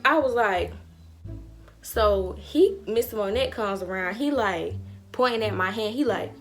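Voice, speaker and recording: A young woman vlogger telling a storytime in a casual, animated way, full of slang and acted-out dialogue. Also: medium pitch, measured pace, faint music behind.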